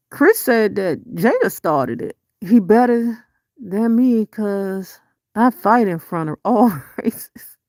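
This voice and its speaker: A middle-aged woman holds forth in casual live-stream commentary, answering her chat in an unhurried, dark, gravelly voice. She is blunt and profane, full of rhetorical questions, and her pitch leaps up sharply whenever she exclaims. The sound is dry and close. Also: no echo. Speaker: vlogger reading live chat.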